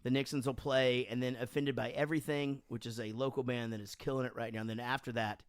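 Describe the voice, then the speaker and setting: A man co-hosting a casual podcast in his home studio, joking and excitable as he banters and talks over his co-host. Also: medium pitch, quick pace, clean tone, no room sound. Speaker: podcast co-host and band member. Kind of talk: casual drunken podcast chat.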